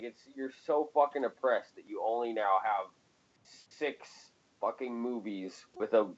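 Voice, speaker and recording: A man's voice: fairly low pitch, muffled recording. A man co-hosting a casual podcast chat, profane and ranting, laughing often. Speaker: podcast co-host.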